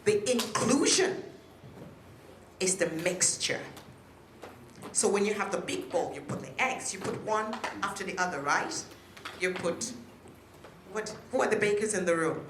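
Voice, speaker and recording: A woman's voice: mid-range voice, expressive, a little slow, pauses often, background noise. A woman giving a speech to an audience at a peace event, engaging them with questions. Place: hotel function room. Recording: echoey room.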